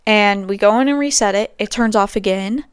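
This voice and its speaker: Young woman, podcast host, casual rambling chat, smooth clear voice, dry close sound. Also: medium pitch, normal speed, dry recording. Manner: chatty, rambling storytelling with many fillers.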